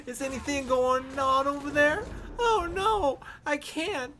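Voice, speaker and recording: Man doing a panicked blinded gamer, high whiny squeal, slow drawn-out wails. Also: fairly even intonation, sharp tone, a little hiss or hum, exaggerated voice. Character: panicked blinded male enemy player.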